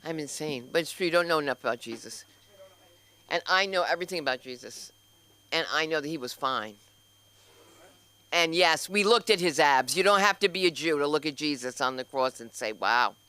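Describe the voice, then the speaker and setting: A woman's voice: deep voice, expressive, moderate pace, pushed and bright, clean tone, no room sound. A woman comedian at an open mic making blunt, joking asides. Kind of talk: open-mic stand-up banter.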